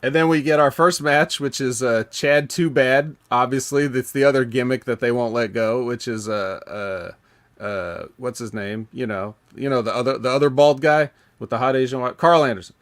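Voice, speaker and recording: A man hosting a casual podcast, talking in a rambling, halting way with many fillers and restarts. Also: medium pitch, fairly even intonation, fairly bright tone. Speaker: podcast host.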